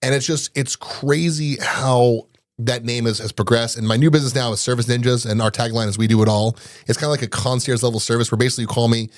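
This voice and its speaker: A man's voice: medium pitch, dry recording, studio quality. A man in his forties, a business owner guest telling stories in a casual interview and acting out quoted dialogue. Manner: fast, animated, acts out quoted dialogue.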